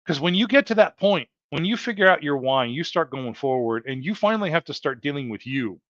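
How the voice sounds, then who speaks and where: Earnest man, slightly high voice. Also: animated, brisk, fairly bright tone, no echo. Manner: earnest, repetitive, addresses viewers as folks. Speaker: livestream host. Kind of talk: heartfelt motivational livestream talk. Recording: dull lo-fi dry sound.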